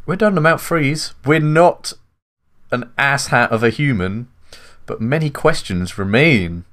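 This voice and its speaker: A man's voice: mid-range voice, expressive, a little slow, fairly bright tone. A man chatting playfully as he comments on his game. His mid-range voice swings up and down a lot. He throws in casual jokes and mild swearing. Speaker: let's play commentator.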